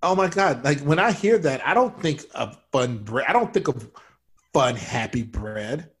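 Male improviser, mid pitch, quick pleading director bluster. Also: lively intonation, a bit bright. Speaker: comedy podcast improviser. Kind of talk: improv comedy scenes.

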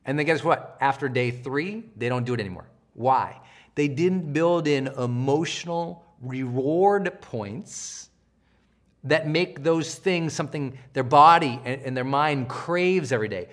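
A middle-aged man, a high performance coach, giving a lively motivational training talk and acting out quotes in a raised voice. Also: moderate pace. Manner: animated, acts out quotes in a raised voice.

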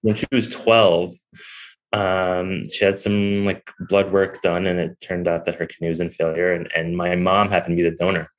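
A man's voice: low voice, flat delivery, normal speed, poor audio. A young man, a podcast guest and restaurant owner, telling a personal story candidly with lots of fillers. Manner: candid, rambling, many fillers. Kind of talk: conversational storytelling.

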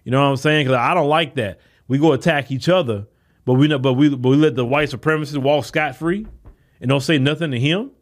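A man hosts a solo podcast, delivering impassioned commentary and throwing rhetorical questions at his listeners. His voice is mid-range and fairly quick.

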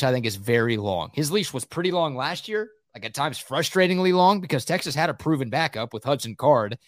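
Male sports-show co-host, mid pitch, forceful opinions, dry close mic. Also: dry recording. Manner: opinionated, emphatic. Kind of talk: casual sports talk.

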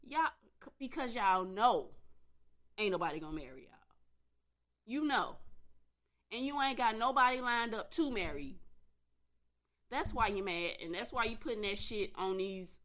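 Exasperated woman commentator, slow-paced, pitch all over the place. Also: big pitch swings, fairly bright tone. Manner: exasperated, blunt, profane. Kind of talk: ranting commentary.

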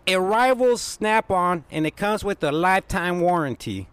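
A relentlessly cheerful telemarketer rattles off deals and lame jokes, played by a man. His voice climbs into a bright, eager register. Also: animated, moderate pace, clean tone, no echo. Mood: salesy. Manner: chirpy scripted sales pitch, persistent. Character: pushy upbeat male phone salesman.

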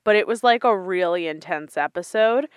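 A woman's voice: lowish voice, expressive, moderate pace, clear, resonant tone, no echo, clean studio sound. A young woman co-hosting a podcast, telling a true-crime case in casual chat, laughing often and swearing freely. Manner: giggly, chatty, swears casually. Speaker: podcast co-host.

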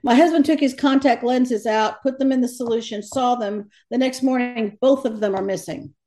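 A woman telling stories as a guest in an interview, animated and quoting others as she goes. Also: a little high, moderate pace. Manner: animated storyteller, quotes others in lively voices. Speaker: guest, medium who crosses over the dead. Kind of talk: storytelling in a conversational interview.

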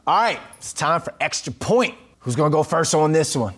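A man's voice: fairly high pitch, expressive, moderate pace, fairly bright tone, breathy edge. A man hosting a sports podcast, chatting casually and closing with an upbeat scripted sign-off. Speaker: podcast host.

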